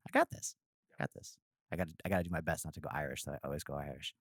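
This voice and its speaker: A man's voice: a bass voice, very fast, fairly bright tone, no room sound, clean studio sound. A man co-hosting an interview show, upbeat and chatty, often repeating words as he goes. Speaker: podcast co-host. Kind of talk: casual interview chat.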